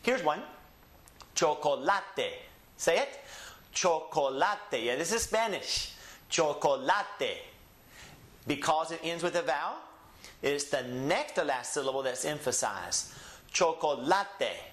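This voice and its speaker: A man leads a recorded Spanish lesson, drawing out each model word slowly and prompting the listener to repeat after him. His voice sits a little high for a man. The recording carries a noticeable roomy echo. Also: expressive, a bit bright. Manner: slow drilled model pronunciations with call-and-repeat prompts. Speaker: Spanish teacher. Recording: echoey room.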